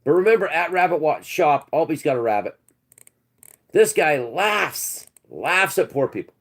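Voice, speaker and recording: A man's voice: a little high, animated, measured pace, fairly bright tone. A man hosting his own channel, ranting and mocking a commenter in a scornful, profane way. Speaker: channel host.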